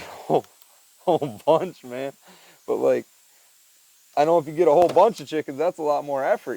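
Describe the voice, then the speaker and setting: A young man of medium pitch and slightly mellow tone chats casually while working on a chicken feeder, captured on a rough wearable-mic recording with a little hiss or hum. Set in a backyard with a chicken coop and tool bench, his rambling vlog is full of "dude" and "man."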